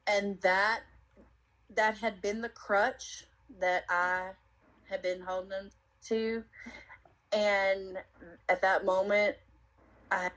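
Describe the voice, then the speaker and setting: A woman with a fairly low-pitched, fairly bright voice earnestly shares her testimony as a guest in an interview. Her storytelling is reflective and full of fillers, and the recording quality is low.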